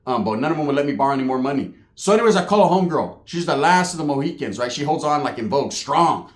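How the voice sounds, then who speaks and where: A man hosting his own channel tells a story in a loose, profane, streetwise way. His voice sits a bit higher than most men's. The room around him is echoey. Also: expressive, fast. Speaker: channel host telling a story. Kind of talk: casual storytelling monologue.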